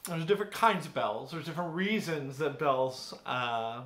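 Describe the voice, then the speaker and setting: A man, a teacher, giving a theatrical poetry reading that swings between hushed and loud passages. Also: a little high, moderate pace. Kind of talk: dramatic poetry recitation.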